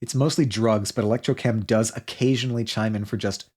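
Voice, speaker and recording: A man chats on a casual livestream in a medium-pitched, expressive voice that's fairly quick and a little mellow. He rambles, interrupting himself and restarting often, with plenty of fillers.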